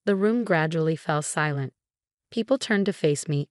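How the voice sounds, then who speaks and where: A young woman narrating a first-person story in a calm, measured way. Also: low voice, no echo, clean studio sound. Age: young adult.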